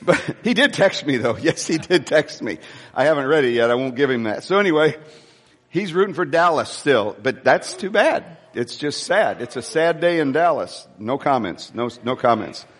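A pastor preaching a live sermon to his congregation, exuberant and prone to shouting, with joking asides between the preaching. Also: medium pitch, animated, moderate pace, breathy edge, big-room sound. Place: church sanctuary before a congregation. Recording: music audible under voice.

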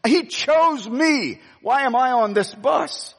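A man preaching a sermon with a boisterous voice, telling a story in an animated way and acting out the quotes. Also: extremely high pitch, takes it slowly, vocal fry. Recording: long hall reverb.

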